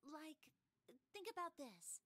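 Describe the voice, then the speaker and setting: An actress voicing a nervous, secretive young woman in a visual novel, speaking hesitantly and sometimes in a hushed whisper. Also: high voice, sing-song, slow pace, exaggerated voice. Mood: earnest, probing.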